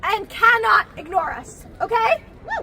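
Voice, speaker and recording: A woman's voice: very high-pitched, animated, unhurried, gravelly, sharp tone, a little hiss or hum, rough recording. A woman organizer giving urgent directions to a crowd at an outdoor protest. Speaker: rally organizer. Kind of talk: announcing at a protest rally. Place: outdoor campus green.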